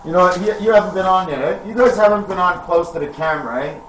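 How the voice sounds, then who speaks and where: A man vlogging in a meandering, free-associating monologue to camera, with sudden loud bursts. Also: high voice, fast, slight background noise.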